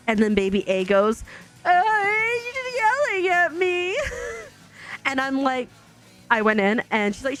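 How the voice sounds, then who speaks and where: A woman's voice: medium pitch, a bit bright. A woman streamer telling a long family story in casual, chatty talk full of fillers.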